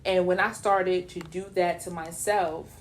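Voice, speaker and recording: A woman's voice: on the low side, a little slow, slight background noise. A middle-aged woman hosting a casual radio talk show, speaking in a motivational, preachy way and sometimes mocking other people's voices. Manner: animated, preachy, slips into mocking quoted voices.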